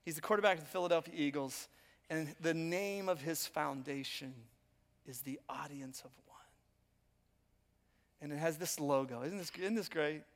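A man's voice: on the high side, moderate pace, pauses often, long reverb tail. A pastor in his fifties preaching a sermon, talking directly to his congregation in a conversational, self-mocking way. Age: 50s. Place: church auditorium.

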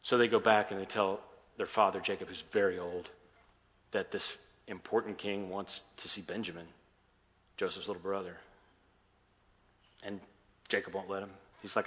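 A man's voice: deep voice, steady tone, moderate pace, long pauses, fairly bright tone. A man preaching a sermon, retelling a scripture story casually, acting out the dialogue and slipping in jokes. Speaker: pastor. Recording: muffled, echoey hall sound.

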